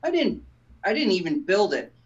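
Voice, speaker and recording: A man doing a stand-up set, delivering deadpan, absurd one-liners. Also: high voice, moderate pace, highs cut off. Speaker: stand-up comic.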